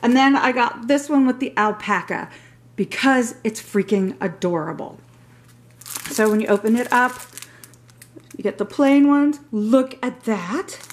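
A woman's voice: fairly high pitch, measured pace, pauses often. A middle-aged woman chatting through a shopping haul on camera, gushing over each item with rambling asides. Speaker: haul vlogger. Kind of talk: casual show-and-tell vlog.

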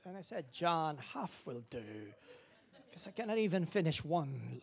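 A man preaching as pastor, animated, swinging from loud calls down to hushed whispers. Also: high voice, normal speed, gravelly, breathy edge. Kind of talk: lively sermon.

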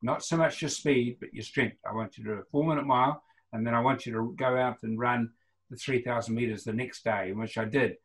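A man's voice: medium pitch, steady tone, a little fast, rough recording. New Zealand man around seventy telling stories. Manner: rambling anecdotes, acts out quoted lines. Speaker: guest, retired runner. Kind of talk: casual storytelling interview.

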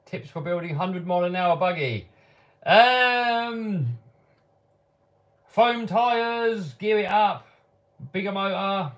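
Male host, slightly higher voice, laid-back live chat Q&A, reads questions then answers offhand. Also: expressive, slow, long pauses, fairly bright tone. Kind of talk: casual live-stream Q&A. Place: home workshop.

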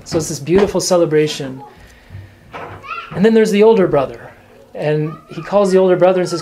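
A man, a priest teaching a catechism class, explaining gently and earnestly with fillers and restarts. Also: high voice, brisk, long pauses, background noise. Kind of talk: catechism lecture. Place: church classroom.

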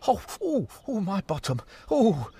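A man's voice: sits high, huge pitch swings, unhurried, gravelly, slightly rough, heavily acted. A man voicing a clumsy, cheerful male apple farmer in a cartoon who laughs a lot and stammers when flustered. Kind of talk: cartoon voice acting. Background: loud background music.

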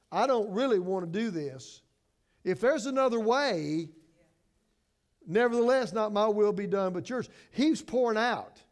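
A middle-aged man pastor preaching a sermon with passion, moving between hushed and emphatic and often restarting words. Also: high-pitched.

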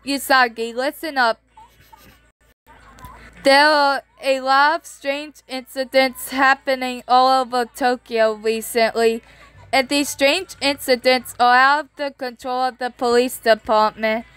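A woman's voice: sits high, fairly even intonation, measured pace, fairly bright tone, smooth. Luna, a woman doing a bossy talking cat. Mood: instructive. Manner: firm, instructing.

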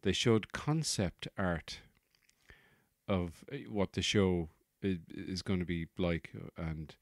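A man's voice: low-pitched, slow, no room sound, clean studio sound. A man hosting his own podcast, rambling through a comic monologue, correcting himself as he goes and swearing freely. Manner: digressive, self-correcting, sweary. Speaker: podcast host.

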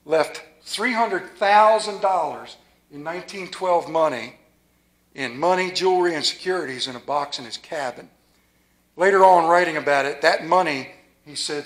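Folksy, playful preaching man, pitched a little high. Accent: rural Maryland. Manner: folksy and playful, dropping to a hushed reverent tone. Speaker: pastor. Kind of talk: sermon.

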